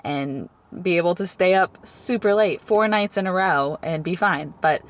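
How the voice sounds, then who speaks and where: Chatty woman in her twenties, low voice. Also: normal speed. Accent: Southern American. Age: 20s. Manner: chatty, animated, lots of "like". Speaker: vlogger. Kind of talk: casual vlog storytelling.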